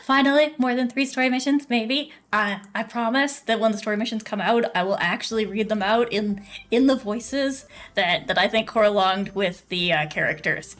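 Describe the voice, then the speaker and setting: A woman's voice: a little high, normal speed, a bit bright. A woman game streamer chatting casually with her viewers and teammate while she plays, bubbly and full of fillers and frequent laughter. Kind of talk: casual live-stream chat while gaming.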